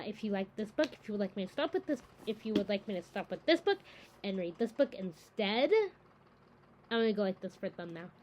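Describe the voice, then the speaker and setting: A woman's voice: on the high side, a little mellow, a little hiss or hum, poor audio. A woman hosting a book-reading channel, chatting casually to camera in a rambling, enthusiastic way with lots of fillers.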